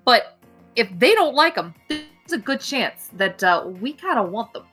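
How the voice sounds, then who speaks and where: A woman's voice: fairly high pitch, sing-song, moderate pace, fairly bright tone, faint music behind. A young woman narrating a tabletop game as game master, casual and profane, voicing many characters.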